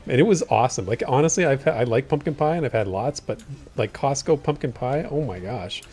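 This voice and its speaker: A man's voice: medium pitch, expressive, brisk, darkish tone, faint music behind. A man with a Canadian accent chatting casually and telling stories with plenty of laughter while playing an online game over a headset mic. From born in the US, raised in Canada. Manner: chatty storyteller, laughs easily. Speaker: group player. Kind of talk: casual chat while gaming.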